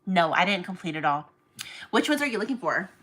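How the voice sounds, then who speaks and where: A woman chatting casually to viewers while she packs orders, self-mocking and counting items out loud. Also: lowish voice, big pitch swings, brisk. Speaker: small online shop owner. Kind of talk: casual vlog chat to viewers.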